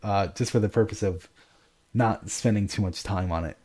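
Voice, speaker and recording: A man's voice: lowish voice, normal speed, a little mellow, slightly rough. A man reading a novel aloud with dramatic first-person narration and casual asides.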